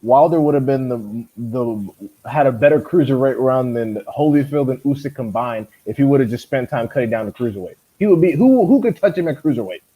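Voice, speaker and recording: A man's voice: mid-range voice, expressive, brisk, husky. A man in casual chat, blunt and mocking, who asks rhetorical questions. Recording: slightly dull lo-fi audio.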